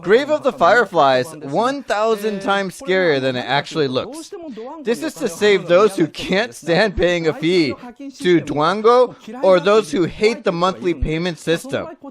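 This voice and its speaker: Male lecturer, high-pitched voice, chatty tone, quizzes his viewers. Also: very animated, unhurried, a crowd in the background. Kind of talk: dubbed online lecture.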